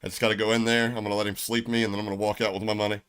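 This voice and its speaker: A man's voice: on the low side, little pitch movement, rapid-fire, fairly bright tone, clear, resonant tone. Middle-aged Southern American man, blunt and profane, streamer ranting to his chat. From United States. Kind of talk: casual livestream rant.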